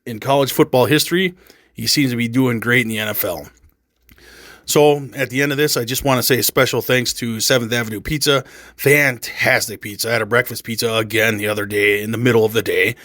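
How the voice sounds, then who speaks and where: Rambling, excitable man in a dry recording. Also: mid-range voice, fairly quick, no echo. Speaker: sports podcast host. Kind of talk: casual sports chat.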